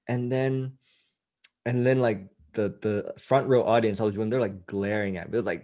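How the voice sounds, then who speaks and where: A man's voice: medium pitch, a little slow, long pauses, a little mellow. Chatty man telling a funny story. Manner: chatty, filler-heavy, self-mocking. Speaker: guest, life coach. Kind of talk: casual anecdote storytelling.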